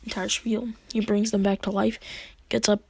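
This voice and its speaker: A woman casually telling a rambling fan story, dropping into whispers and quick voices for the characters. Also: medium pitch, flat delivery, darkish tone, breathy edge, dry recording.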